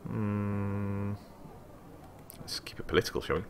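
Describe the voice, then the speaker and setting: A man hosting a let's play, reading game text aloud with excited asides. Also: fairly low pitch, unhurried, pauses often, slight background noise.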